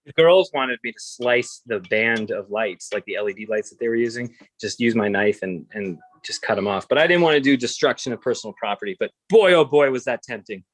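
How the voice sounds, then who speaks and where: Rambling, animated man chatting casually. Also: mid-range voice, brisk, hardly any pauses, dry recording, rough recording. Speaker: host. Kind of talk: casual chat.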